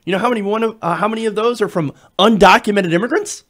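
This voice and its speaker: A man's voice: sits high, fast, fairly bright tone. A man giving emphatic political commentary, repeating key words for effect.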